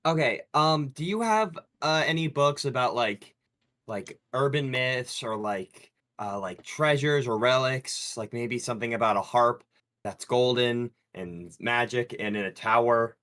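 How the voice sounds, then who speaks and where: A man's voice: medium pitch, measured pace, a bit bright. Casual male tabletop player. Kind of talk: tabletop game role-play.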